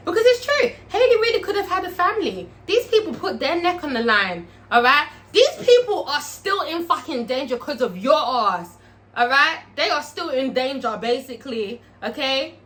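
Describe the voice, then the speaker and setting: A woman casually recapping a TV episode, animated, swearing and checking in with the viewer. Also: sits high, normal speed, slight background noise. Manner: animated, frequent swearing, checks in with "all right?". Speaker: TV show reviewer.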